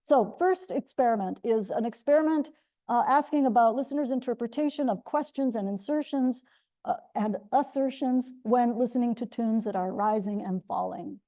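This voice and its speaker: Speaking at a normal speed in a warm, slightly high voice, this middle-aged linguistics researcher presents her work at a colloquium in a lecture room. The academic lecture unfolds step by step, punctuated by frequent self-corrections and restarts.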